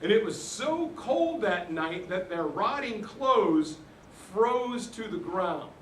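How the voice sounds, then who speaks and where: A man's voice: high voice, sing-song, slow, fairly bright tone, slight background noise. A man telling a history story in earnest and acting out the words of soldiers he quotes. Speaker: speaker on history. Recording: roomy, distant mic, faint ambience.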